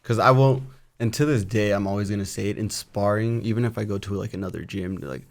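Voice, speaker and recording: A male boxer talking in a casual podcast interview, telling stories and acting out other people's lines. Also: quick pace. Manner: animated storyteller, acts out quotes in a high voice. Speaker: guest boxer.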